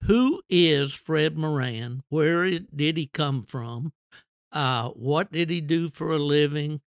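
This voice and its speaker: Man, podcast host, eager, steering questions, slightly high voice, dry sound. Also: takes it slowly, dry recording. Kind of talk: podcast interview.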